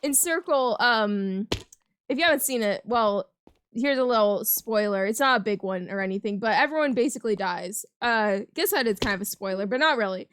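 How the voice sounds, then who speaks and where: A high-pitched young woman hosting her own gaming channel. She tells a story in a rambling, chatty way and keeps breaking into giggles. Her speech is loose, with frequent restarts. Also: animated, moderate pace, a bit bright, slight background noise. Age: young adult. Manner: giggly, laughs often mid-sentence. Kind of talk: casual storytelling over gameplay commentary.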